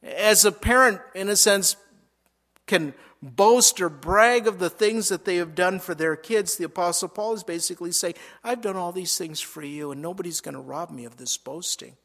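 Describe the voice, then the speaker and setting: High-voiced male preacher. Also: moderate pace, fairly bright tone. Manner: expository preaching, reading scripture aloud and explaining it; frequent small repetitions and restarts. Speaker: pastor. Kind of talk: sermon.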